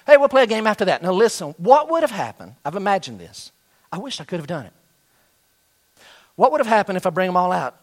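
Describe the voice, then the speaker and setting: A man's voice: sits high, big pitch swings, fast. A middle-aged man preaching a sermon, telling a story and acting out the voices of students and their coach. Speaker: pastor.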